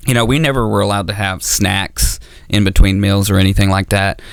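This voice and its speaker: A man's voice: on the low side, steady tone, brisk, gravelly, smooth, no echo. A man doing a stand-up set on stage, rambling and self-mocking with stammering restarts. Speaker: stand-up comedian. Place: comedy auditorium stage.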